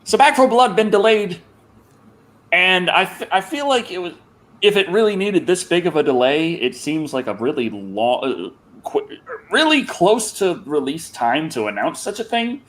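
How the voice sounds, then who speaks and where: A man with a fairly high voice that swings widely up and down hosts a casual online chat show. He rambles and stumbles over restarts, and he speaks over a video call. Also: big pitch swings, a bit bright. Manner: rambling, halting with restarts and repeated words. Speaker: show host.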